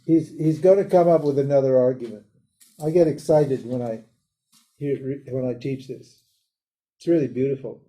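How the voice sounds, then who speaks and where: Animated older man teaching, bright. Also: mid-range voice, moderate pace. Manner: casual, animated, laughs often, mimics voices. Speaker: Vedanta teacher. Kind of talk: live lecture.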